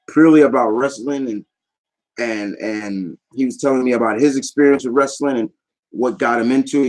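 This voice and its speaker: A man's voice: medium pitch, darkish tone, poor audio. A man chatting casually on his vlog, rambling enthusiastically and often trailing off mid-thought. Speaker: YouTube vlogger. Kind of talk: casual chat recap.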